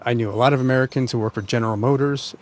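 Man, radio host; steady mid-range voice, calm questions, slight background noise. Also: mid-range voice, rapid-fire. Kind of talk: radio interview and show hosting.

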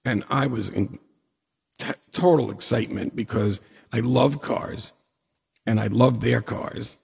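A storyteller, a man at least in his forties, shares a funny personal story with an audience at a measured pace, voicing the dialogue himself. He sounds gravelly and slightly rough at a medium pitch, lively and self-deprecating, with long hall reverb around him.

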